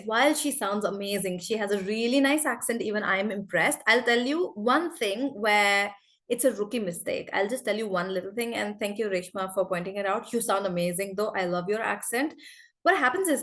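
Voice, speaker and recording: A woman teaching an online accent class, chatty and repeating example words slowly. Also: mid-range voice, a bit bright.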